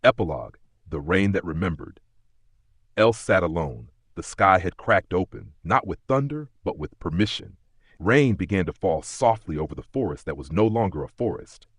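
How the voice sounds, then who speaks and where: A man narrates an audiobook in a measured, solemn voice, pausing often. His tone is low and husky, recorded dry and close. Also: animated, no echo. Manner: measured, solemn, many pauses. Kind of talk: scripted narration.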